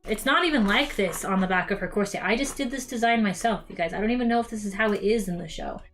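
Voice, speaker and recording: Streaming from her home craft room, a young woman chats with her viewers during a casual cosplay crafting session, calling them "you guys" and dropping lots of ums as she works. Her mid-range voice is fairly bright and moves at a quick pace, with soft music in the background.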